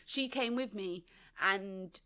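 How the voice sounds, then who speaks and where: A woman with a smooth, medium-pitched voice takes her time as she recounts her life as a podcast guest on an interview show. Her telling is animated and slangy, and she acts out the people she quotes.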